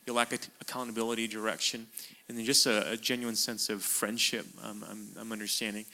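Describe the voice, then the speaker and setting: A man's voice: fairly low pitch, level tone, fairly quick, bright, forceful tone. A man interviewing a guest, asking his questions in a hesitant, conversational way with frequent fillers.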